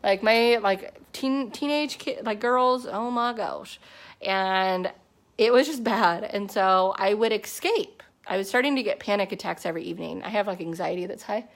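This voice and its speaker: A woman's voice: mid-range voice, moderate pace. Chatty woman telling her story. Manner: chatty, animated storytelling with many fillers. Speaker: network marketing distributor. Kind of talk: casual personal testimony to a team.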